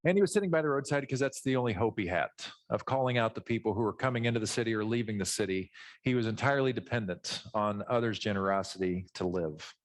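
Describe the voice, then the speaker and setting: A middle-aged man preaching a conversational, animated sermon, teaching from a Bible passage and acting out voices in asides. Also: on the low side, fast talker. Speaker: pastor.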